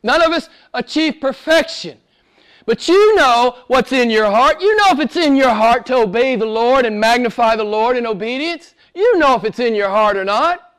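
High-voiced man preaching with big swings. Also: lively intonation, moderate pace, clean tone. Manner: dynamic, swinging from loud exhortation to hushed whispers; laughs between points. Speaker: pastor. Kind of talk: sermon.

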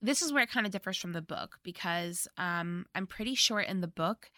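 A woman casually chatting as co-host, recapping a movie in an animated way and laughing often. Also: lowish voice, moderate pace.

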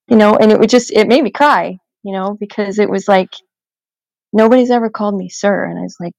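A woman's voice: medium pitch, fairly quick, vocal fry, a little mellow, no echo, low-quality recording. A woman co-hosting a casual podcast chat, telling everyday stories with frequent restarts and "you know".

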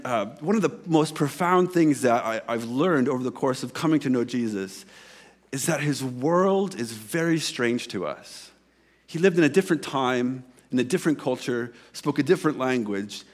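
A man, a pastor, preaching a sermon in a conversational way, telling a personal story and acting out bits of dialogue with frequent self-corrections. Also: medium pitch.

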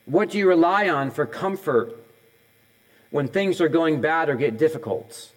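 A man's voice: on the high side, lively intonation, a little slow, rough recording. Conversational male pastor preaching a sermon. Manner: conversational, asks many questions in a row; jokes about his own slips.

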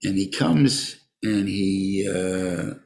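An older man teaching a Torah class in a halting way, often restarting and mixing in Hebrew terms. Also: low voice, creaky, darkish tone. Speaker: rabbi teaching a weekly class.

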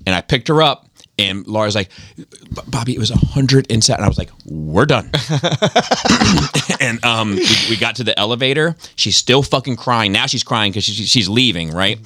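Middle-aged man, lowish voice with a bright edge, profane storyteller, dry close sound. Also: normal speed, no room sound. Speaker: podcast host. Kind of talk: casual storytelling chat.

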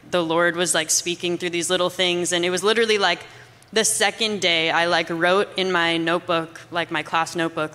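A woman's voice: fairly low pitch, sharp tone, long reverb tail. A young Canadian woman telling her story in a casual, rambling way, filling her speech with "like". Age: young adult. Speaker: guest. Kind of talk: casual testimony chat.

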